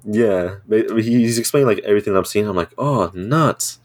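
Deep-voiced young man telling a story. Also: fast, dry recording, clean studio sound. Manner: laughing, animated storytelling with crude humor. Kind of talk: casual chat.

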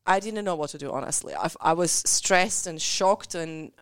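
A woman with a Central European accent tells her story earnestly in an interview. Her voice sits a little low and sounds smooth and clear. The recording is dry and close, with no room sound. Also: moderate pace, dry recording. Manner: candid, earnest storytelling in non-native English. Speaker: business coach.

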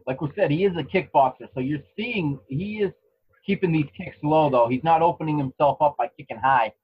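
A man co-hosting a podcast, giving relaxed play-by-play of a fight with restarts and chuckles. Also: a little high, fairly quick, lo-fi sound. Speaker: podcast co-host commentating a fight. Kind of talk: casual live fight commentary. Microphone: home microphone.

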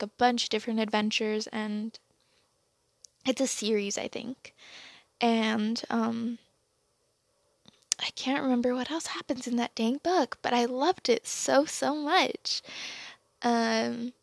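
A woman's voice: on the high side, gravelly, no room sound. A young woman hosting a casual solo podcast, rambling and chatty with lots of fillers and restarts. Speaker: podcast host.

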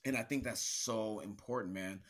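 Speaking at a normal pace with a lowish, somewhat bright voice, a man hosts a laid-back faith-centered podcast. He comes across as sincere and a touch preachy, addressing his guest as "bro" and "man."

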